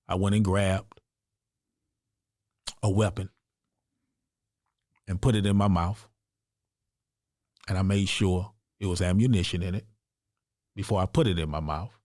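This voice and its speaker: A man's voice: fairly low pitch, unhurried, pauses often, darkish tone, dry recording, studio quality. A man from the United States, a podcast guest, telling his own story in an earnest, emphatic, conversational way. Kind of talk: personal storytelling in an interview.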